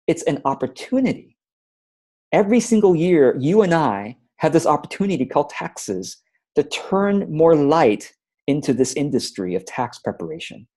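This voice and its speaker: A man's voice: on the high side, mellow, slightly rough. A man hosting a productivity webinar in a casual, playful way, often acting out his own thoughts. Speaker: webinar host, productivity coach.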